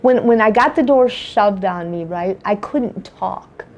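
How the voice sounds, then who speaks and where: A woman's voice: mid-range voice, animated, measured pace. Direction: Restless woman telling her story, tumbling phrases. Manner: tumbling, repetitive storytelling with frequent restarts. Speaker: patient guest. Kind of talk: emotional personal account.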